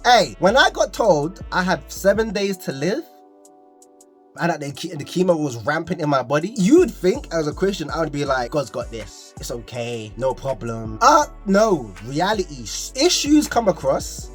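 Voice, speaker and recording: A young man with a London accent frankly telling his own life story to camera, animated and rising in pitch when exasperated. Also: moderate pace, faint music behind. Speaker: vlogger sharing his story. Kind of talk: candid personal talk to camera.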